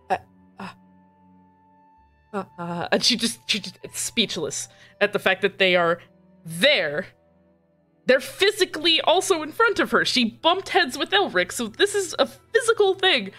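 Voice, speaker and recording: A woman with a somewhat high voice plays a tabletop role-playing game, narrating her character slowly and expressively. She swears freely, with faint music in the background. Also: a bit bright. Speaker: player.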